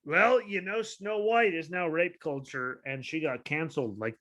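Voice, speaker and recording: A young man co-hosting a casual wrestling podcast, ranting with lots of swearing and sudden shouted bits of quoted dialogue. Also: a little high, normal speed. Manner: ranting, profane, animated, shouts out quoted lines. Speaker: podcast co-host.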